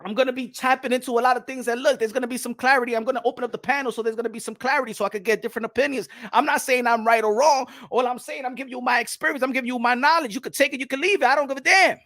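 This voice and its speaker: Man, native spanish speaker, talk show host, passionate rant, repeats himself, bright forceful voice. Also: very high voice, steady tone, very fast, hardly any pauses. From New York. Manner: passionate ranting, repeats lines, sometimes shouts. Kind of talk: livestream panel monologue.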